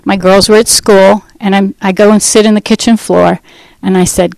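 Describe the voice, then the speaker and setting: A middle-aged woman telling her personal testimony in an earnest, conversational way, pausing and restarting as she goes. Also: mid-range voice, fairly even intonation, creaky, darkish tone, dry recording, low-quality recording. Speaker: speaker giving a testimony.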